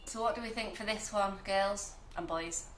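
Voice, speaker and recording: A woman's voice: medium pitch, normal speed. A woman co-hosting a live cake demonstration, reading out viewer comments with playful banter. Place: kitchen. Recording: echoey kitchen with background noise.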